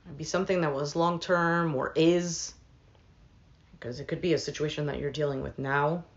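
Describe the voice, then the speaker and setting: A woman's voice: low-pitched, fairly even intonation, normal speed, lo-fi sound. A woman reading tarot cards for her viewers in a casual, thinking-aloud way, with many fillers and asides. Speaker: tarot reader.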